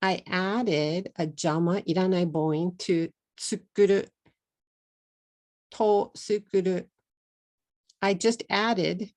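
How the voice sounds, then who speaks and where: Woman, Texan accent, middle-aged, gravelly, lowish voice, online English lesson. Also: darkish tone. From Texas, USA. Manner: slow, deliberate explaining, slipping into Japanese at times. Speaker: English teacher.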